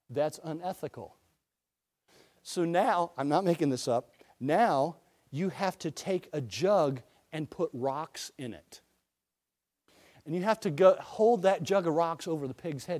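Male preacher, high-pitched, folksy storytelling with loud outbursts and hushed asides. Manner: folksy storytelling, swings between loud bursts and quiet asides. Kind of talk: sermon.

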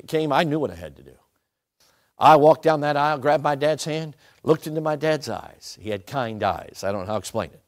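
Male preacher, middle-aged, chatty storytelling sermon with audience asides, mid-range voice. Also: mid-range voice. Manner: conversational, asks the audience questions, swings between soft and loud. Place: church or meeting room with an audience.

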